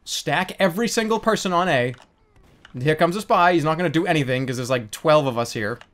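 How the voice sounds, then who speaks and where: A man giving loud, excitable gameplay commentary, yelping and swearing while desperate to pee. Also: fairly high pitch, fairly quick. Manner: excitable, yelps and swears, self-mocking. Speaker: gaming YouTuber.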